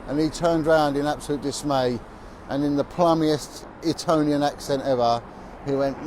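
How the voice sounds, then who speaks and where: A man's voice: a little high, fairly even intonation, a little slow, darkish tone, a little hiss or hum. A man who is a former police officer, telling stories bluntly and with emphasis as he walks down a city street. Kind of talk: walking vlog monologue.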